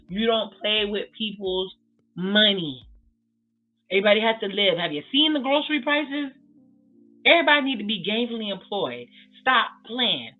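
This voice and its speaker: A woman giving blunt, sassy casual commentary as she recaps a reality TV episode, swearing freely. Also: mid-range voice. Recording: tinny phone-like sound with faint music.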